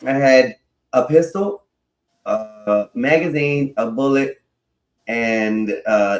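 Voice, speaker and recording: A man's voice: medium pitch, measured pace. A man telling a long personal story in a casual way, swearing freely and laughing as he goes. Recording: roomy echo.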